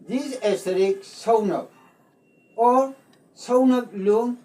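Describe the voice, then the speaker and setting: A language teacher from Manipur, explaining spelling slowly and deliberately, repeating words. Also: medium pitch, warm tone, far from the mic. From Manipur, India. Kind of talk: slow explanatory lesson.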